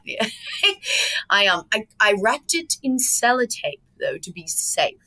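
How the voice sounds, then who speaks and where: A woman's voice: on the low side, animated, a little slow, sharp tone, rough recording. An Australian woman as a podcast guest, chatting casually with lots of "like" fillers and laughter.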